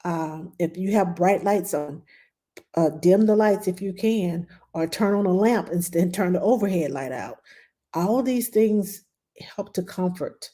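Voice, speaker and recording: Speaking at a measured pace in a voice on the low side, this middle-aged nanny chats through parenting tips on a live stream. She keeps things loose, reading out viewers' questions and welcoming them cheerfully.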